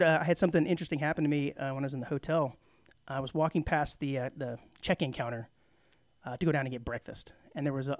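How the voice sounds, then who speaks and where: A man co-hosting a community radio talk show, telling a rambling, animated anecdote full of fillers. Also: a little high, no room sound, studio quality. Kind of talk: casual chat, storytelling.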